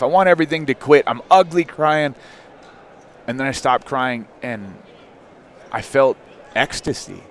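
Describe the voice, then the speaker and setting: A man in his thirties, a podcast guest, telling a personal story in a candid, animated way with frequent fillers. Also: medium pitch. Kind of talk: casual storytelling.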